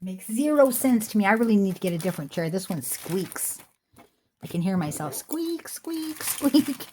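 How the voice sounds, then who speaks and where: A woman's voice: medium pitch, very animated, normal speed, a little mellow, slight background noise. A middle-aged woman chatting casually as she shows jewelry for sale at home, rambling off into asides. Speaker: online jewelry seller. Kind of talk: casual chat while showing jewelry. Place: home room with a squeaky chair.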